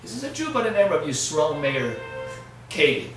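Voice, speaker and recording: A man giving a sermon as a rabbi, telling a story, swinging from hushed asides to loud, emphatic peaks. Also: on the high side, very animated, normal speed, faint music behind. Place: lecture hall. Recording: echoey hall, from far off.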